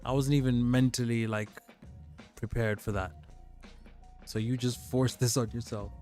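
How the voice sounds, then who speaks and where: A man's voice: medium pitch, steady tone, normal speed, a little mellow, soft background music, lightly acted. A man doing a weary, exasperated traffic cop. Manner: weary and matter-of-fact. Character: laid-back, exasperated male traffic cop.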